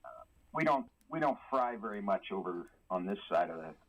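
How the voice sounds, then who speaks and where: Brief: male chef on the phone, husky, dull lo-fi line, relaxed and joking. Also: on the low side, a little fast. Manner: easygoing, chatty, joking. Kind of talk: casual phone interview.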